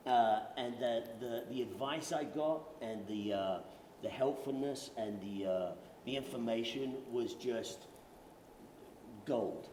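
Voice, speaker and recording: A man's voice: mid-range voice, takes it slowly, darkish tone. A British man with a London accent telling stories on a panel in a joking, self-deprecating way. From Britain. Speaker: actor on a veterans' conference panel. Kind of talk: casual panel storytelling. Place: conference hall panel. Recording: roomy echo with faint noise.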